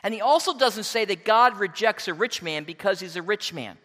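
Male preacher, sermon, high animated voice, bright tone, reverberant hall. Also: fairly quick. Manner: expressive preaching, emphatic, reads scripture aloud. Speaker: pastor.

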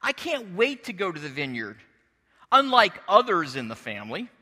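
An overly dutiful young son gushes to please, put on by a man. He sounds bright and high, with a bouncing pitch, and a long church-hall echo trails behind him. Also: huge pitch swings, moderate pace, heavily acted. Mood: eager. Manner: gushing, people-pleasing.

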